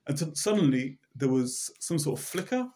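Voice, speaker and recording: A man's voice: a little high, very animated, moderate pace, mellow. A man teaching a Torah class, telling a story with repeated words and frequent fillers. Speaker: religious teacher.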